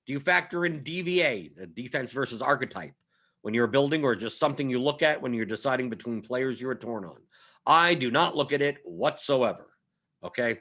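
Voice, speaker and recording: A man's voice: medium pitch, sharp tone. A young adult man hosting a fantasy sports live stream, chatting casually and emphatically, repeating his points and often asking "right?". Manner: emphatic, repetitive, conversational with frequent "right?". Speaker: fantasy sports analyst host.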